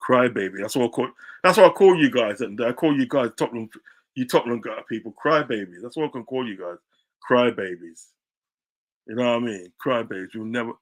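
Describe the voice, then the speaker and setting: A man streaming live as a football fan, ranting in a heated, combative way, repeating phrases and swinging into loud shouts. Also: lowish voice.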